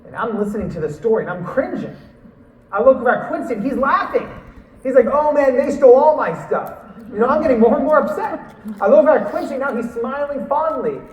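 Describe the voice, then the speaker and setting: A man telling a story in a talk, lively, acting out what people said. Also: very high-pitched, fast, reverberant, recorded from a distance, dull audio. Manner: animated, acts out quotes and laughs. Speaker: speaker.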